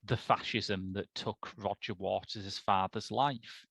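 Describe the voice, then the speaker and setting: A man co-hosting a casual podcast, discussing a film in an articulate, wry way with animated asides. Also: lowish voice, slow pace, gravelly, husky, no room sound. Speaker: podcast co-host.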